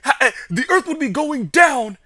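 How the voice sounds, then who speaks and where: A young man imitating a nerdy teenage boy, putting on a high, squeaky, incredulous whine. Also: very animated, moderate pace, sharp tone, dry recording, studio quality, full character voice.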